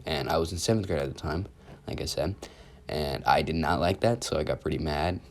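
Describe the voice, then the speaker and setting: A man's voice: rumbling low, brisk. A sick man with a sore throat and sniffles, rambling casually through a story from school. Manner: rambling, casual with many fillers. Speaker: youtuber. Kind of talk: storytime vlog.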